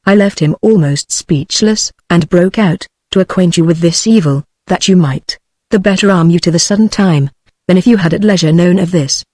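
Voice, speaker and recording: A synthetic text-to-speech voice of a woman with a British English accent, reading the part of a loyal, anxious male English knight in a flat, unvaried way. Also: fairly low pitch, normal speed, dry recording, studio quality, lightly acted. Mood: reporting.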